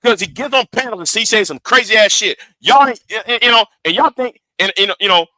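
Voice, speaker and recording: A man's voice: sits high, lively intonation, fairly quick, bright, forceful tone, no echo. A man hosting a livestream, giving heated commentary in an emphatic, profane way and repeating words when he gets worked up. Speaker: livestream host.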